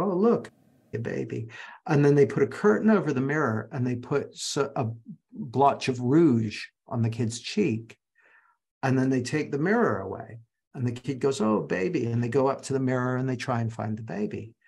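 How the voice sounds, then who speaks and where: A man's voice: mid-range voice, moderate pace, darkish tone, slightly rough. A man teaching a live online masterclass, telling anecdotes and speaking directly to his audience over a video call.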